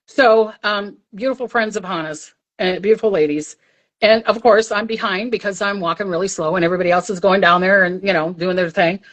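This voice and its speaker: A woman's voice: mid-range voice, fairly quick, rough recording. An older woman, a psychic medium, chatting casually on a livestream and telling a story, acting out the voices she heard.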